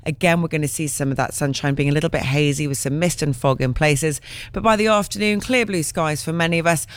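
Smooth-voiced woman giving the weather. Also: low voice, fast talker, no room sound. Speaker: weather presenter. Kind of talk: scripted weather forecast.

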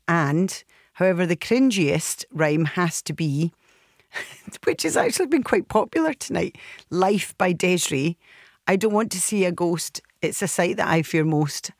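Radio co-host, mid pitch, friendly and agreeable, dry studio mic. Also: animated, measured pace, no echo. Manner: friendly, brief agreeing interjections. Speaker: radio co-presenter. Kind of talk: radio phone-in chat, reading listener messages. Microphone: studio microphone.

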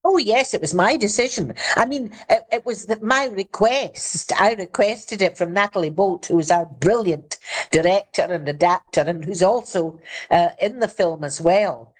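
A woman with a Scottish accent talks in a chatty, lively way as an interview guest. Her voice sits at a middling pitch, and she breaks into laughter easily. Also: moderate pace, husky. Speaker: actress guest. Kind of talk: casual interview chat.

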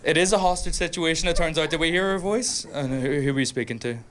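Stand-up comic in a small noisy room. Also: male voice, fairly high pitch, fast talker, fairly bright tone. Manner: storytelling, acting out voices, bantering with crowd. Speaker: stand-up comedian. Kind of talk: stand-up comedy set. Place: small comedy room with audience.

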